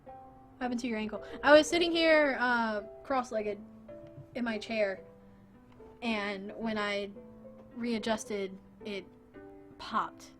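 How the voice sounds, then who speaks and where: A young woman with a fairly high voice streams a farming game, chatting casually and poking fun at herself while reading game lines aloud in goofy voices. She talks slowly with long pauses, and soft music plays in the background.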